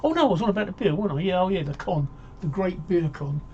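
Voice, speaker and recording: A man's voice: sits high, lively intonation, quick pace, dark tone, a little hiss or hum. Chatty man on a muffled stream. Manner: chatty, rambling, jokey, reads viewer comments aloud. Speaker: talk show host. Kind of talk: casual live-stream chat.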